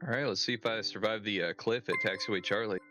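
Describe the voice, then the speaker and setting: A man's voice: lowish voice, fast talker, pushed and bright, faint music behind. A man on a voice chat, adding short reactions and comments in between.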